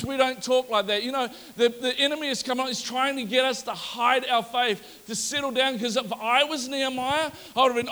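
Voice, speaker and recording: A male pastor preaching a sermon in a lively storytelling manner and acting out the people in the story. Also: extremely high pitch, long reverb tail. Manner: animated, storytelling, acts out the characters.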